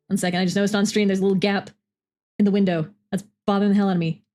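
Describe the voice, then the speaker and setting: A woman streaming, making quick, offhand asides while reading aloud. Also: mid-range voice, level tone, darkish tone, faint music behind.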